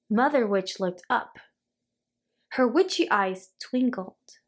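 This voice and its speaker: A woman reading a children's storybook aloud, in a clear storytelling manner. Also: fairly high pitch, expressive, takes it slowly. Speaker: storybook reader.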